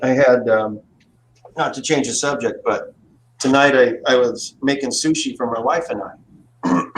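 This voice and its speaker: A man chatting casually on a livestream, telling rambling, profane stories. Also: medium pitch. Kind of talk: casual chat. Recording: roomy echo with faint noise.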